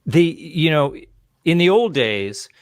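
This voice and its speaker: A man's voice: on the high side, sing-song, slow pace, no room sound. A man hosting an interview, asking questions in a conversational way with hesitant fillers. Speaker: podcast host. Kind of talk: casual interview talk.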